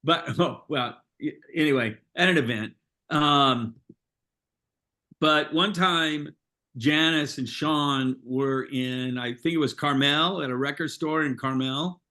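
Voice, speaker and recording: A man's voice: fairly high pitch, takes it slowly, sharp tone. A man hosting a casual chat who rambles, with many fillers and restarts. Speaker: host.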